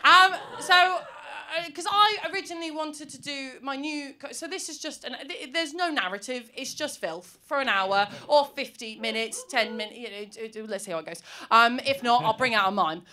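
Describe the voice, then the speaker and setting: High-voiced, rambling woman comic. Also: moderate pace, hardly any pauses, sharp tone. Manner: rambling, self-deprecating chatter. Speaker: stand-up comedian. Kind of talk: stand-up comedy. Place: comedy club stage. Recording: live comedy club with audience laughter.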